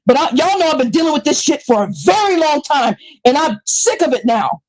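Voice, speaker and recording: A woman live streaming, ranting heatedly into a new microphone, swearing a lot and often shouting. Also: high-pitched, animated, brisk, low-quality recording. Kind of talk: angry live-stream rant. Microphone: new desktop microphone.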